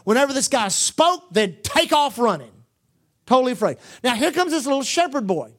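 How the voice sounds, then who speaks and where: Animated preacher with a lively voice. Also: high voice, normal speed. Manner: animated, repetitive emphatic preaching with asides; quotes scripture in King James wording. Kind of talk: sermon.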